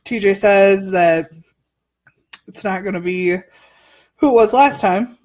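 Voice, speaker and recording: A woman's voice: mid-range voice, takes it slowly, darkish tone. A woman co-hosting a podcast in casual chat, recapping a reality show and laughing often and hard.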